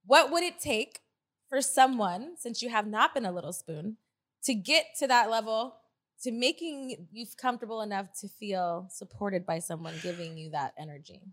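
A woman's voice: medium pitch, animated, moderate pace. A woman hosting a casual interview podcast, teasing her guest playfully and laughing often. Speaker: podcast host. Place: indoor studio couch.

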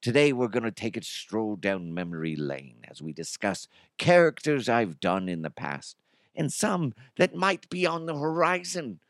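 A man's voice: medium pitch, big pitch swings, unhurried, no echo, clean studio sound. A man putting on a snobby posh British host. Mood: mock-formal. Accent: put-on posh British. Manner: prim, mock-formal, overly polite.

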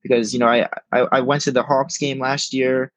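A man's voice: mid-range voice, flat delivery, brisk, a bit bright, dry recording. A young man as a guest on a sports podcast, speaking emphatically and repeating words as he thinks, heard over a remote call. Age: young adult. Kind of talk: casual sports podcast chat. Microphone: remote call microphone. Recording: dull lo-fi remote call audio.

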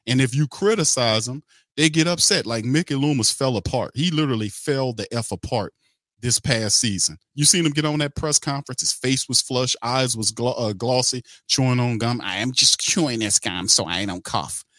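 A man's voice: mid-range voice, moderate pace, a bit bright, no room sound. A middle-aged man hosting a sports podcast, ranting bluntly and heatedly, swearing and repeating himself. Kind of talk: opinionated sports talk.

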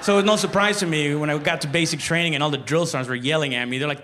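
An American man performing a stand-up comedy set, telling stories in an animated way and jumping into loud, high voices for the people he quotes. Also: very fast, hardly any pauses, slight background noise. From United States. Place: comedy club stage.

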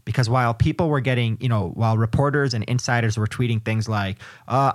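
A man's voice: lowish voice, brisk, hardly any pauses, no room sound, studio quality. A man co-hosting a sports podcast, making his points in an emphatic, argumentative way. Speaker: podcast co-host. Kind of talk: casual sports podcast chat.

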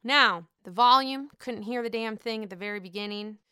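A woman recapping a reality TV episode in a casual, gushing way, excitable and swearing freely. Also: on the high side, moderate pace, clear, resonant tone, no room sound, studio quality.

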